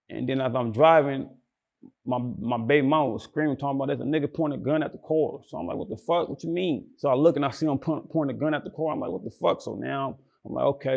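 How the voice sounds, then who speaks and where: A young man with a gravelly, fry-touched voice at an ordinary pitch. He tells his story in a loose, slangy way, often restarting and repeating words as he goes. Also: a little mellow, muffled recording. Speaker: guest. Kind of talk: casual storytelling interview.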